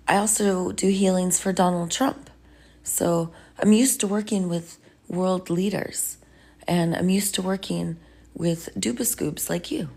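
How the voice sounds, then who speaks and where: A woman playing a healer in a comedy sketch, speaking in a soft, earnest voice that drops at times to a whisper. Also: medium pitch, vocal fry, slightly rough. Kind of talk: comedy sketch role-play.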